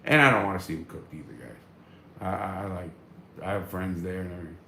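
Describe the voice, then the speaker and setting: A man's voice: deep voice, animated, a little fast, creaky, pushed and bright, roomy sound, a little hiss or hum. A man hosting a casual live stream, reading viewer comments and answering in a blunt, profane, fired-up way.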